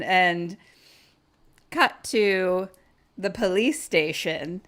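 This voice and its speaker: A woman's voice: mid-range voice, unhurried, fairly bright tone. A woman podcast host casually recapping a horror film, swearing freely and acting out the scenes.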